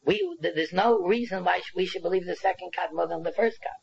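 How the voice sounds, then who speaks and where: A man's voice: high-pitched, fast, vocal fry, breathy edge, highs cut off. A man giving a Talmud lecture, explaining animatedly and mixing in Yiddish and Hebrew terms, often restarting his words. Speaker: Talmud teacher.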